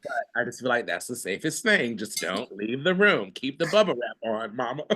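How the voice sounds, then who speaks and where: A man's voice: medium pitch, bright, forceful tone, slight background noise. A man hosting a mindfulness class, sharing his feelings in a rambling, casual way with frequent laughter, heard over a video call. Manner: rambling, laughs often, lots of fillers. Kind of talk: casual, heartfelt group sharing.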